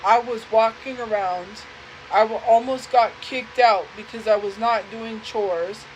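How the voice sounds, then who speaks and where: Young woman livestreaming, kinda high voice, earnest and halting, keeps repeating herself. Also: steady tone, slight background noise, low-quality recording. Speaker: livestream host. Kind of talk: emotional personal storytelling.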